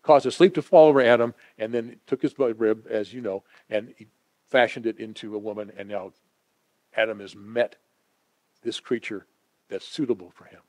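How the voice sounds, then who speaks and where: A man preaching a sermon, swinging from emphatic declarations to hushed, intimate asides. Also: lowish voice, fairly even intonation, moderate pace.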